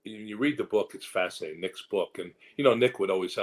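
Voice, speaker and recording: A man with a lowish voice tells stories from his acting career in a candid interview. He rambles through restarts and asides, then jumps into quoted voices with lively energy. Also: brisk, few pauses. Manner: animated storyteller who slips into quoted voices. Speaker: actor and guest.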